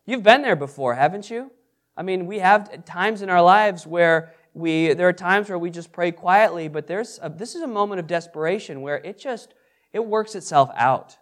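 A man's voice: high-pitched, lively intonation, normal speed, a bit bright. A man teaching an interactive Bible study, asking the group questions and repeating their answers. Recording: echoey room with background noise.

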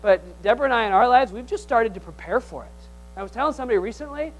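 A male pastor preaching a sermon, swinging from loud exhortation to hushed tones, with teasing humor and call-and-response. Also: very high voice, lively intonation, fast, poor audio.

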